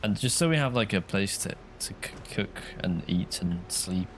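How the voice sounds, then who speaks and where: A man's voice: low voice, animated, moderate pace, noisy background. A man chatting casually while he streams a game, rambling and answering viewers' comments. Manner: chatty, rambling, reads chat aloud.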